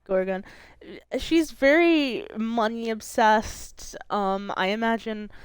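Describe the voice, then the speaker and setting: A woman's voice: on the high side, takes it slowly, clear, resonant tone, no echo. A woman streamer chatting casually and eagerly explaining a game's rules to her co-player. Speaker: streamer running the game. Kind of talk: casual gaming chat.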